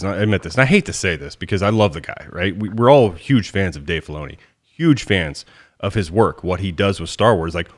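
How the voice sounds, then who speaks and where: Man, very low voice, casual podcast chat, rambling, enthusiastic. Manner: rambling, enthusiastic fan talk. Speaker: podcast co-host.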